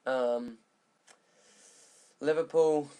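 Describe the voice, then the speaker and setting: A man's voice: mid-range voice, fairly even intonation, extremely slow, mellow, smooth. A young man casually recapping the week's football news in a vlog. He rambles and jokes, often correcting himself mid-sentence. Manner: rambling, jokey, self-correcting.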